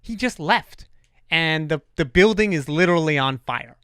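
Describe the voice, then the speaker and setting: A podcast host who tells stories with a lot of swearing and plenty of energy. His voice is fairly high for a man and jumps around as he gets worked up. The sound is dry and close to the mic. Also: moderate pace, clean tone, no room sound. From New York. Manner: animated storyteller, swears freely. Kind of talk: casual podcast chat.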